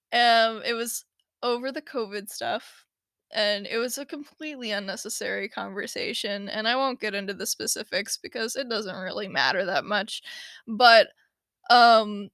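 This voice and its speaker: Woman, podcast host, chatty, animated, bright voice, dry sound. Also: a little high, no echo. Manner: chatty, animated retelling with frequent fillers and laughs. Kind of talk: casual solo podcast talk.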